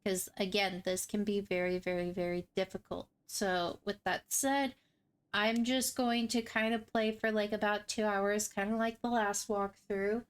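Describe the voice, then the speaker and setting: A woman's voice: medium pitch, little pitch movement, a little slow, smooth. A woman hosting a game walkthrough, chatting casually in a rambling, self-deprecating way. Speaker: gaming walkthrough host.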